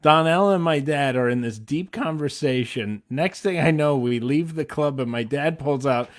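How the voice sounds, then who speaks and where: A man co-hosting a podcast, telling a relaxed anecdote with self-mocking humor in casual chat. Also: on the high side, moderate pace. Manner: easygoing, self-mocking storyteller. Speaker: podcast co-host.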